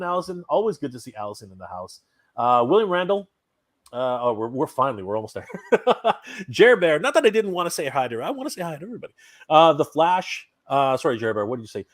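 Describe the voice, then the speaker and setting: A Canadian man hosting a live stream in casual chat, reading out viewer comments and giving upbeat shout-outs. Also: a little high, no echo.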